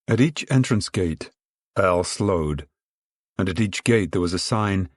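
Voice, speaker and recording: Low-voiced man reading a novel aloud. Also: unhurried, no echo, clean studio sound. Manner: steady storytelling, acts out dialogue. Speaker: audiobook narrator. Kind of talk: scripted narration.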